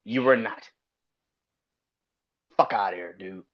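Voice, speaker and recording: A man's voice: slow, highs cut off. Profane, heated man ranting on a podcast. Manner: profane, heated, swings from low mutters to sharp outbursts. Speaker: podcast host. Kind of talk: solo wrestling podcast rant.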